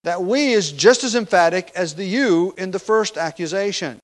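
A man's voice: high voice, normal speed, rough recording. A man preaching an expository sermon, teaching from a passage with emphatic stress on key words and occasional fillers and restarts.

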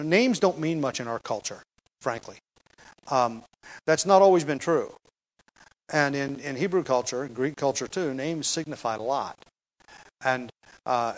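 A man's voice: medium pitch, low-quality recording. A middle-aged man teaching an expository sermon on a Bible passage, talking conversationally and leaning hard on key phrases. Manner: conversational teaching, stresses key phrases, frequent fillers and restarts.

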